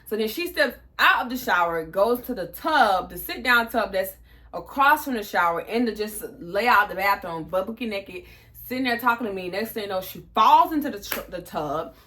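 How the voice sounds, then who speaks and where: Young female vlogger, twenties, crisp bright tone, casual profane storytelling. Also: medium pitch, normal speed. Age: 20s. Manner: animated, profane, acts out quotes.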